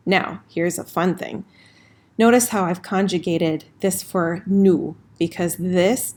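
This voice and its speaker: A woman teaching a casual recorded lesson, explaining clearly and slowing down for example phrases, with keyboard typing in the background. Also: fairly low pitch, fairly even intonation, a little mellow. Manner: friendly, slows down for example phrases. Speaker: French teacher.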